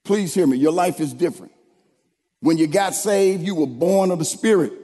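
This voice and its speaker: A man preaching a sermon, leading the congregation in call-and-response and building to shouted lines. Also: a little high, normal speed. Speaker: pastor. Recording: long hall reverb.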